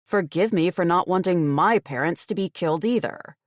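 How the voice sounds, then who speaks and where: Young fierce heroine, sharp questions, defiant, dry booth sound, woman narrating her. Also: on the low side, normal speed, dry recording, close to an everyday voice. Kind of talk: audiobook character voice.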